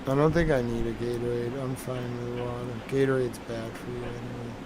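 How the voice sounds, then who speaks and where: A man's voice: medium pitch, level tone, fairly quick, background noise. A tired man hosting a live stream, chatting casually and rambling to his viewers.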